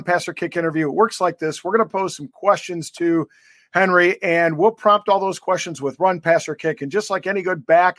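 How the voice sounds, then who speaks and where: A man co-hosts a sports podcast interview, joking around and rambling with lots of filler words. His voice is fairly high and a bit bright, recorded in clean, echo-free studio sound.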